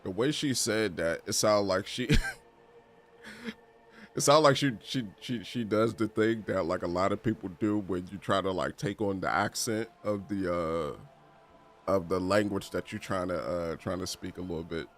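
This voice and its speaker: A man doing a laid-back let's-play, rambling in loose slang and laughing between lines. His voice is on the low side, and he reads the game's text aloud as he goes. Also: normal speed, faint music behind. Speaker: gaming streamer. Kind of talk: casual let's-play commentary.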